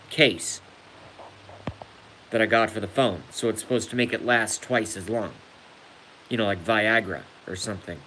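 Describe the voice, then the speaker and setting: A man's voice: fairly low pitch, bright, forceful tone, a little hiss or hum, rough recording. A man hosting a rambling live stream, crude and self-mocking, laughing at his own jokes while hurt and unable to laugh without pain. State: injured, hurts when he laughs. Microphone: phone.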